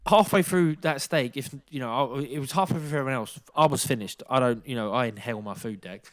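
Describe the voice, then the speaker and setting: Animated man telling stories. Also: medium pitch, brisk. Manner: animated anecdote-telling, swears freely, acts out quotes. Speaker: podcast co-host, former boxer. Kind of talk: casual storytelling chat.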